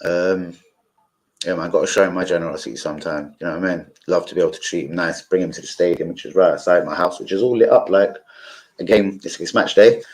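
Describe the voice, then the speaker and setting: Brief: young bloke streaming, low-ish voice, rambles, swears, lots of fillers. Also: male voice, quick pace, poor audio. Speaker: football streamer. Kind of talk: casual live-stream chat.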